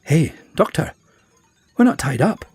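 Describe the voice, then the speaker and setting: A man's voice: fairly high pitch, sing-song, a little slow, a little mellow, husky, no echo, soft background music, pitched above the performer's own voice, full character voice. A man voicing a brash young male fighter with a Scottish accent, cocky and blunt.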